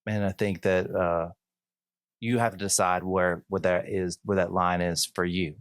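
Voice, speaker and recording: Low-voiced man giving halting advice. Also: level tone, clear, resonant tone, dry recording, clean studio sound. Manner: halting, many fillers and restarts before advising. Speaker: podcast host and coach. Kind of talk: casual conversation, giving advice.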